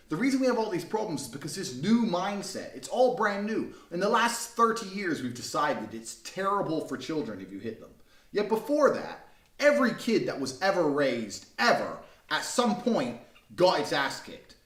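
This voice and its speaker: A young man ranting to camera in a vlog, aggressive, profane and contemptuous. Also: mid-range voice. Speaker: vlogger. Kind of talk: ranting monologue. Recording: roomy, mic at a distance.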